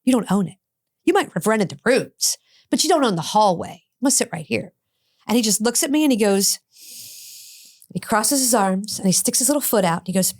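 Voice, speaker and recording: With a mid-range, animated voice and a brisk delivery, a middle-aged woman specializing in addiction tells an interview story. She performs both sides of the dialogue, blunt and cursing freely.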